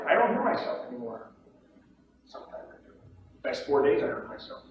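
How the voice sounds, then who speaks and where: A man's voice: a little high, very animated, fairly quick. Man lecturing emphatically in an echoey room. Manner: emphatic and repetitive, checks in with "okay?". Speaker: commodities trading instructor. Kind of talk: seminar lecture. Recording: echoey room, distant mic, dull lo-fi, faint hiss.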